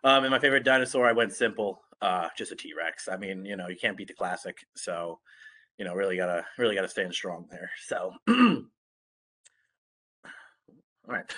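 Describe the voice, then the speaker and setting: A young man with a congested, just-recovering voice gives a casual online talk as a guest speaker, with lots of fillers and restarts. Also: on the low side. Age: young adult. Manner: relaxed, many fillers and restarts.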